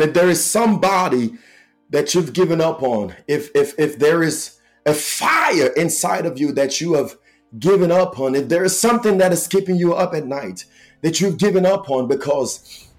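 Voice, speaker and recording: A man giving a motivational sermon in a pleading, repetitive style that builds emphasis. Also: on the high side. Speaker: motivational preacher.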